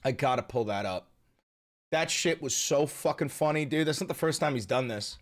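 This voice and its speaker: A man hosting a livestream, ranting loudly and profanely in casual reaction commentary. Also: medium pitch, normal speed. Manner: loud, animated, profane ranting. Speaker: livestream host.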